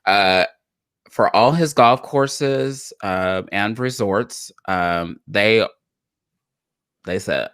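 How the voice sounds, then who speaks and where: A woman's voice: very deep voice, very slow, pauses often, smooth, no echo, clean studio sound. A woman co-hosting a live talk show, chatting casually about politics and repeating phrases for emphasis. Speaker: podcast co-host.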